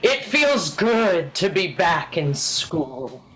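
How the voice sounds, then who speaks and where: A woman reading the part of a teenage girl vampire slayer at a comedic script read-through, in a flat, earnest delivery. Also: fairly low pitch, extremely slow, exaggerated voice, poor audio. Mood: chipper.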